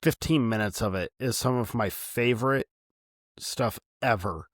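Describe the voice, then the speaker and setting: Podcast dude rambling about movies, laughs a lot, middle pitch, dead dry mic. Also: male voice, a little slow, no room sound. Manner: animated, laughs often, talks in long run-on thoughts. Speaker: podcast co-host. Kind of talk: casual chat.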